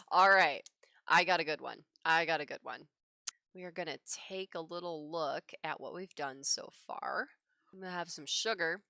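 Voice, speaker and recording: A woman's voice: sits low, moderate pace, creaky, no room sound, studio quality. A woman livestreaming her digital drawing, telling a casual story with frequent laughs. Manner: animated, laughs often between phrases. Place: home drawing setup.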